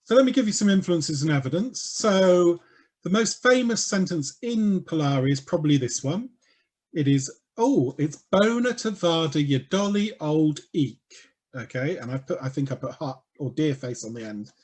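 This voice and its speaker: A man explaining with a raised pitch. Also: moderate pace, slightly rough. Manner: lively, playful explaining with asides. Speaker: speaker on language history. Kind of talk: educational talk.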